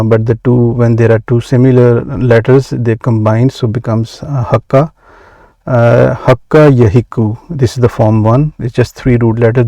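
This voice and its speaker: Slow-paced man teaching Arabic grammar. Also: mid-range voice, gravelly, mellow, no room sound. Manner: measured, many "uh" pauses, slow deliberate explanation. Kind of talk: explaining grammar from a workbook.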